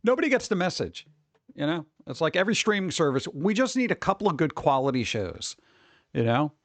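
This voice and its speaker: A man's voice: on the high side, very animated, brisk, dry recording. A man hosting a casual live stream, chatting with viewers and making wisecracking, sarcastic asides. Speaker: streamer host.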